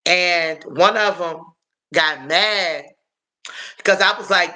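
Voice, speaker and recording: Casually chatting live, this host replies to comments one after another in a high, bright voice. His pace is relaxed and meandering, he calls his audience y'all, and ums and uhs fill his frequent pauses.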